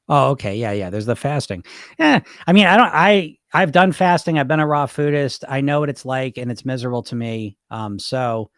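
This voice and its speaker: A man's voice: mid-range voice, no room sound. Man, middle-aged, weight loss coach, casual live chat, conversational, dry close sound. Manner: animated, acts out his inner voices in dialogue; conversational, frequent "right?" and "you know?". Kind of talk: casual live-stream advice talk.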